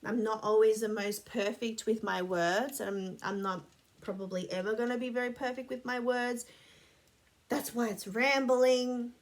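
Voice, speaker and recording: A woman's voice: on the high side, fairly even intonation, a little slow. Sweary chatty woman vlogger. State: sniffly. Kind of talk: casual rambling chat to camera.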